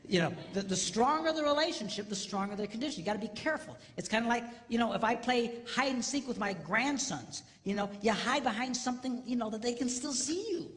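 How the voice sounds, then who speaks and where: An older man giving a humorous live marriage seminar in a large hall. He is animated, swings between loud and hushed, and acts out other people's voices. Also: extremely high pitch, fast talker, few pauses. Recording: long hall reverb, faint background noise.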